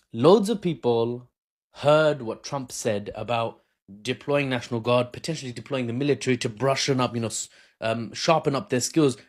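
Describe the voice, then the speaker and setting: A man talking into his phone camera, casually explaining politics in an unscripted, self-mocking way with frequent laughs. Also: mid-range voice. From Britain. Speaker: political commentator.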